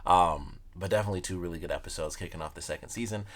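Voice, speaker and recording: Deep-voiced guy chatting thru a review, keeps saying like, laughs a bunch. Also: very fast. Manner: rambling, laughs often, says "like" a lot. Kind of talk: casual solo review.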